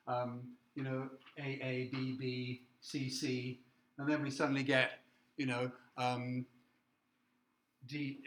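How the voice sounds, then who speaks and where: A man with a bright, slightly raised voice gives a literature lecture. He explains patiently, keeps checking that his listeners follow, and reads verse aloud slowly. The sound rings in a roomy classroom. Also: fairly high pitch. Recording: echoey room.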